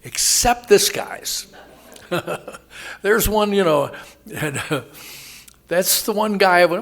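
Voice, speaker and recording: A man sharing his recovery story at a meeting, rambling and interrupting himself, laughing at his own jokes and acting out quoted voices loudly. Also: high-pitched, animated, slow pace, long pauses. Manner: acts out quoted voices with sudden loud jumps. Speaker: AA speaker.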